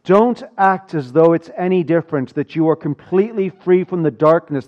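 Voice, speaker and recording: A man from South Africa preaching a sermon, rising loud for emphasis and dropping to a hushed low voice. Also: moderate pace, few pauses. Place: church. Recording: dull lo-fi sound.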